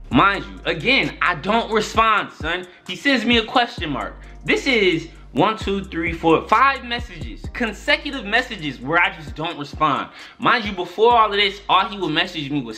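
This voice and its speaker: A man's voice: sits high, big pitch swings, moderate pace, bright, forceful tone, faint music behind. A young man telling a story-time tale in casual, profane slang, often repeating "son" and "my nigga". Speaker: YouTube storyteller.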